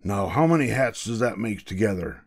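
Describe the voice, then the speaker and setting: A tired, stern king from a storybook, speaking in a low and weary way. An older man plays him while reading aloud. He sounds like he has had enough for one day. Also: expressive, moderate pace. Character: tired, vain middle-aged storybook king.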